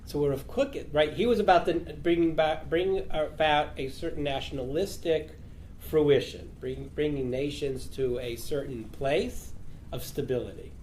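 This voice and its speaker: A man's voice: fairly high pitch, measured pace, a little mellow, slight background noise. A rabbi teaching a class, reading out a Talmud passage and explaining it with rhetorical questions to his students. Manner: reads the text aloud, then explains it with rhetorical questions.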